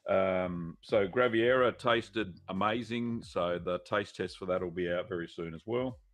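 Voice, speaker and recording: A middle-aged Australian man hosts a live cheese-making Q&A stream, chatting casually with plenty of fillers and greeting viewers by name. His voice is deep and unhurried.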